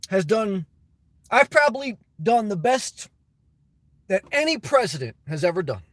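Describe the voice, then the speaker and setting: A man's voice: sits high, very animated, measured pace, pauses often, fairly bright tone, no echo. A man livestreaming from inside his car, giving a joking mock-solemn presidential address and laughing often.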